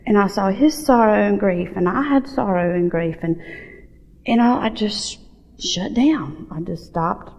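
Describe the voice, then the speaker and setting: A woman giving a personal testimony as a guest speaker in church, telling her story and acting out the dialogue. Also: unhurried. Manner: storytelling, acts out dialogue with lively pitch jumps. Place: church sanctuary. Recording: dull sound with long hall reverb.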